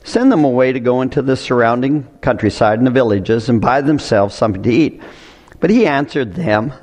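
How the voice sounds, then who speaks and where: A man's voice: mid-range voice, a little fast, a little mellow. A male pastor preaching a sermon in church. He reads scripture aloud, adds conversational asides and leads a prayer. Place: church sanctuary.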